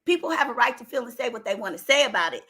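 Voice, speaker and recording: Rapid-fire and gravelly, this older woman's highish voice swings widely in pitch and sounds bright and forceful. She vlogs opinionated commentary, emphatic and exasperated, straining her voice and rising to outbursts.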